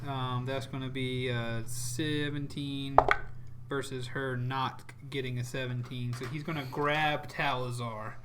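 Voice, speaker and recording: A man's voice: medium pitch, level tone, unhurried, background noise. A man running a tabletop game as dungeon master, narrating gory combat vividly and laughing often.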